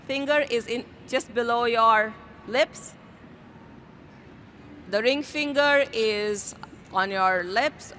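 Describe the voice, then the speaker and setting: Bright-voiced woman guiding yoga breaths. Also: on the high side, slight background noise. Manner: calm, slow, gently instructive. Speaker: yoga instructor. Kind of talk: guided breathing instruction. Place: outdoors in a city square.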